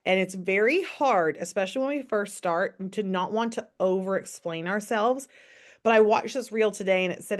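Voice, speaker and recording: A woman's voice: mid-range voice, normal speed. A woman giving a casual, upbeat sales training on a call, coaching listeners and often asking rhetorical questions. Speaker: network marketing team trainer.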